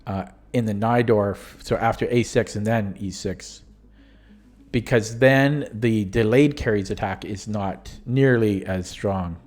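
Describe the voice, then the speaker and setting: Hoarse man in casual stream commentary. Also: on the low side, a little slow, a little mellow. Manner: rambling and self-correcting, often trailing off. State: losing his voice. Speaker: chess streamer reviewing his tournament games.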